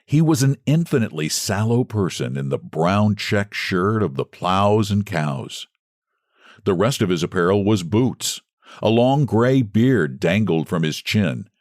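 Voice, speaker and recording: Man, deep voice, lively up-and-down reading, story narration, dry close sound. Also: a little slow, dry recording. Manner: expressive storytelling delivery. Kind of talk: reading a classic short story aloud.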